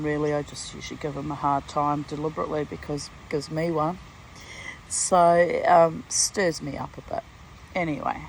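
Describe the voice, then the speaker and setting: This Australian woman in her sixties has a low, gravelly voice, captured on poor audio with slight hiss or hum. Speaking at home near a garden, the vlogger rambles through a casual personal story, punctuated by laughter and asides.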